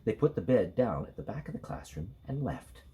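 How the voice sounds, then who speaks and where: Male teacher, playful read-aloud narrator, very lively pitch. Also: a little fast, slight background noise. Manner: expressive, playful, singsong. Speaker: elementary school teacher. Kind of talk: read-aloud storytelling for children.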